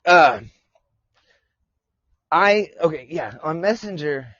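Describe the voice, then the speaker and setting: A man's voice: a little high, animated, takes it slowly, fairly bright tone, no echo. A male podcast host chatting casually on a live stream, rambling, cursing and laughing often as he talks. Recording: dull lo-fi sound.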